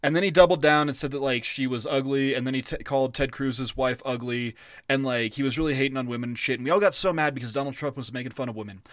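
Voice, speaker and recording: A man's voice: mid-range voice, quick pace, a bit bright, dry recording, clean studio sound. A man co-hosting a casual podcast, ranting with a lot of profanity and getting worked up. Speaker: podcast co-host.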